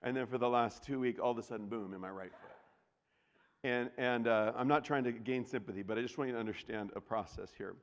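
A man preaching a sermon as pastor, talking casually with the congregation and swinging from loud bursts to hushed, near-whispered lines. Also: mid-range voice, a little fast. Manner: conversational, with restarts and asides to the congregation. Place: church sanctuary. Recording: long reverb of a large church hall.

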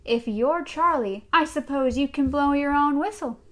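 A woman playing a stern, lonely older male train engineer, speaking in a slow, mock-stern way. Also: high voice, a bit bright, voice pushed up.

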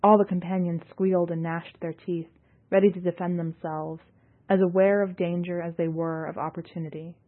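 Lady reading a sci-fi story, lowish voice, steady pace, sounds like over a phone. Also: normal speed. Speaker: audiobook reader and podcast editor. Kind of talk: scripted story narration. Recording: tinny phone-like audio.

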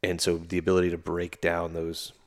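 A man's voice: low voice, completely flat delivery, a little fast. A man and army veteran, talking loosely as a guest in a casual interview, full of fillers and restarts. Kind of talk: casual conversational storytelling.

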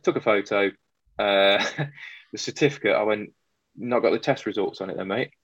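An electrician tells a story from the job in a loose, chatty way, playing both voices of the exchange as he goes. His voice sits low, with a gravelly, husky grain. It comes through a dry, dull, lo-fi recording. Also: moderate pace, no room sound. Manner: animated storyteller acting out both sides of a dialogue. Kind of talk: casual chat, telling a work story.

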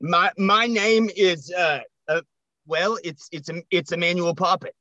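A flustered, creepy man, put on by a man, stammering and calling people "dearie". The voice sits high for a man, dull and dry in the mix. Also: a little slow, pushed and bright, no room sound. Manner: stammering, wheedling.

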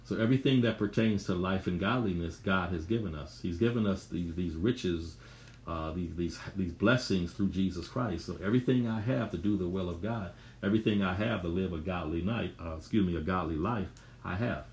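A very deep-voiced man preaching a sermon in an echoing room. He repeats phrases emphatically and climbs higher when stressing a point. Faint ambient noise hangs behind him. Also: fairly quick.

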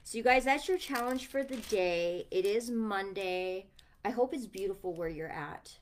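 A woman's voice: mid-range voice, moderate pace, slight background noise. A mother chatting casually to her viewers on a livestream, rambling and affectionate.

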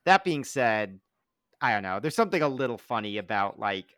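A man's voice: fairly low pitch, a little fast, dry recording, clean studio sound. A man co-hosting a comedy podcast, chatting casually and jokily, often trailing off and restarting mid-sentence. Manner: animated, jokey, trails off and restarts. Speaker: podcast host.

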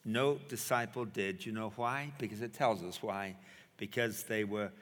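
A male preacher delivering a sermon, telling a story with dramatic pauses and emphasis. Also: on the low side, a bit bright. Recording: echoey hall.

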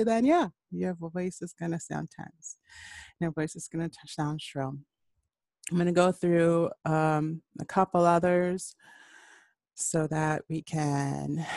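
Chatty voice teacher with a gravelly edge. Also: medium pitch, no room sound. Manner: chatty, rambling, with frequent fillers and restarts; encouraging, addresses the listener directly. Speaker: voice and singing teacher. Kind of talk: casual spoken lesson.

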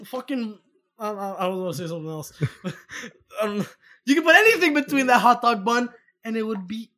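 High-pitched dude bantering on a podcast, loud and jokey. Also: male voice, brisk. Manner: animated, joking, argues loudly. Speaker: podcast co-host. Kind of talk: casual chat.

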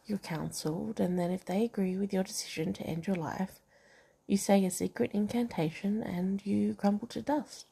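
A woman's voice: mid-range voice, fairly even intonation, moderate pace, creaky, warm tone, slightly rough. A woman reading a novel aloud in a casual way, with asides and comments on the text. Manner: reads dialogue and narration, breaks off to comment and laugh. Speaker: reader of a novel.

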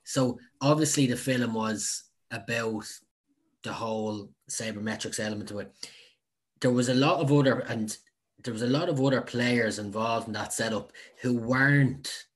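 A man's voice: medium pitch, moderate pace, slightly rough. A man co-hosting a podcast, giving his opinion on a film with earnest, stumbling restarts. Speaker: podcast co-host. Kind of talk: casual film-review chat.

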